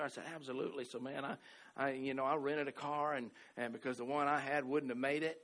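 A middle-aged man from the American South preaching a sermon, telling a story with many restarts and repeated words, swinging from loud exclamations to soft asides. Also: a little high, little pitch movement, fast. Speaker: pastor.

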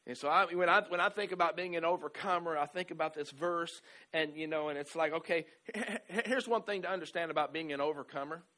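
A man preaching in a slightly higher voice than most men. He drifts between soft, chatty asides to the congregation and loud, stretched-out, emphatic lines, tossing in "right?" and "amen" as he goes. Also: fairly quick. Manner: conversational, peppered with "right?" and "amen". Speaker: pastor. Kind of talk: sermon.

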